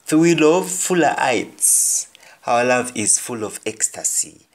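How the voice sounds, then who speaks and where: A man with a Jamaican accent teaching a language lesson, repeating each phrase slowly and then translating it. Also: mid-range voice, big pitch swings. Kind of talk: slow spoken language lesson.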